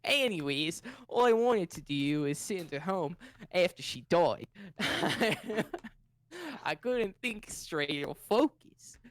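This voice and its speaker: A woman's voice: lowish voice, expressive, takes it slowly. A woman reading a character's lines in a fanfic table read, loose and laughing. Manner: laughing, loose reading with playful accent attempts. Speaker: reader voicing a fanfic character. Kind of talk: casual fanfic read-aloud on stream.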